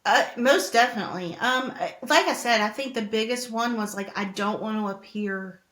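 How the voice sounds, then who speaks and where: A woman musician talking candidly as an interview guest, open and heartfelt, pausing often with "like" and "um". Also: on the high side, fairly bright tone, echoey room. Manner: open, heartfelt, hesitant with many "like"s.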